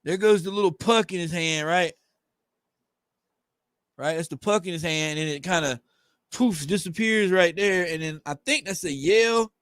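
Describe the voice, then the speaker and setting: A man's voice: high voice, normal speed, pauses often, fairly bright tone, smooth, no room sound, clean studio sound. Rambling man reading a comic aloud. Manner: rambling, hesitant, with fillers and self-corrections. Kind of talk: casual reaction commentary.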